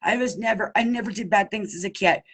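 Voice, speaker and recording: Husky woman giving emphatic testimony. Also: medium pitch, fast talker, a bit bright, rough recording. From Pennsylvania. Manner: emphatic and pleading, addresses listeners as y'all. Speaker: abuse survivor speaking out. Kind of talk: impassioned personal testimony.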